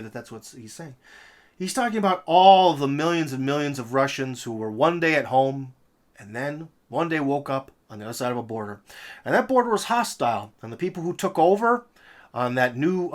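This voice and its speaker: Male host, slightly high pitch, emphatic rhetorical commentary with sarcastic asides. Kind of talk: political commentary monologue.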